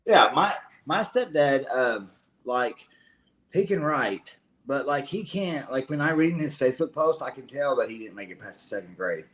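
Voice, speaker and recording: A man's voice: medium pitch, expressive, normal speed, a bit bright. A man with a Kentucky Southern accent in casual late-night stream chat, rambling and indignant with many restarts. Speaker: stream co-host.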